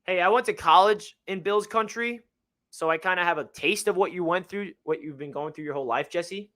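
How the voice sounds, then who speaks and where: Young male streamer, slightly high and bright, emotional fan ranting between donations. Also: fairly quick. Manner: emotional, reads out donor messages, swings between gloomy and fired-up. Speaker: livestream host. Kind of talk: live fan reaction stream.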